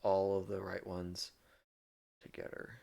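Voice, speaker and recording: A man's voice: low voice, monotone, a little slow, creaky, mellow. A man chatting effusively on a charity game stream, laughing often as he sorts through the giveaway list. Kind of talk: casual chat on a charity stream.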